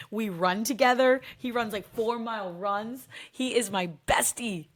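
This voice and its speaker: A woman's voice: a little high, measured pace, hardly any pauses. A woman in her thirties talking candidly to camera in a casual personal vlog, chatty and full of "like" fillers. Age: 30s. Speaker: vlogger.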